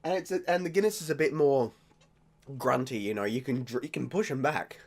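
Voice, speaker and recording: An Australian man talking casually in a beer-tasting vlog, rambling, jokey and quick to mock himself. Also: medium pitch, a little mellow. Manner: rambling, jokey and self-mocking. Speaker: vlogger.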